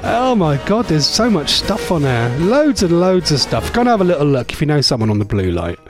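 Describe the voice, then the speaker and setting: Male local-radio presenter, chatty and rambling, fairly high, lively pitch. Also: fairly quick, music in the background. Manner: rambling, chatty, laughs often. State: voice going hoarse. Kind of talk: casual radio chat.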